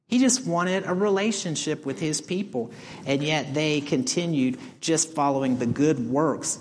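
A man's voice: fairly high pitch, measured pace. A man pastor delivering a sermon, asking the congregation rhetorical questions and reading scripture aloud. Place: church sanctuary. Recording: long church reverb.

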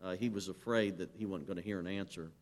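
A man's voice: sits low, steady tone, fast talker. A man preaching a sermon as pastor, emphatic and direct. He asks the congregation to answer him and reads scripture aloud.

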